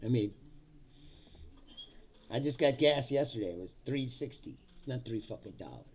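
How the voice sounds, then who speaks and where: A man's voice: medium pitch, expressive, normal speed, darkish tone, slightly rough. A man delivering a profane, sarcastic political comedy rant, laughing between lines. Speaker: political commentator.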